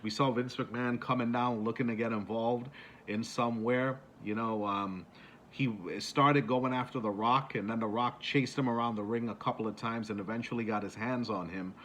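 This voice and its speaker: A man's voice: mid-range voice, normal speed, fairly bright tone, slight background noise. A man casually retelling moments for a countdown video, rambling with many fillers and restarts. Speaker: YouTuber.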